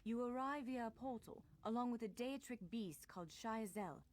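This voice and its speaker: A woman's voice: on the high side, normal speed, darkish tone, a little hiss or hum, lightly acted. An actress voicing a polite, reassuring clanswoman who guides a stranger in a video game. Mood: courteous. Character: courteous island clanswoman guiding a stranger.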